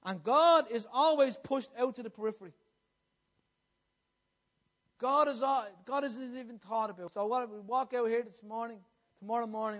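A male preacher with a strikingly high voice delivers an impassioned sermon. He circles back over his phrases and asks his listeners questions as he presses his point. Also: moderate pace, long pauses, fairly bright tone.

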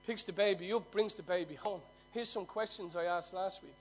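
Male preacher, high voice, storytelling sermon, loud then hushed. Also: brisk, soft background music. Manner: swings from loud emphasis to near-hushed telling.

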